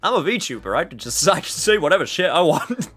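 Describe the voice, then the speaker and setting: A man streaming as a VTuber who banters with his chat in an excitable, yelping, playfully complaining way. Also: fairly high pitch, a little fast, husky, faint music behind. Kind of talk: live game stream banter.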